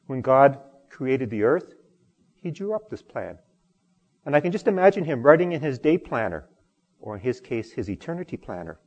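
A man preaching a sermon as pastor, expressive, swinging from loud emphasis to quiet. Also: on the high side, slightly rough, big-room sound.

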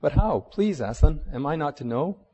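A man's voice: expressive, normal speed, dark tone, husky, in a large hall. A man voicing a young girl who is eager and pleading, reading aloud in a sermon. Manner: high, pleading, earnest.

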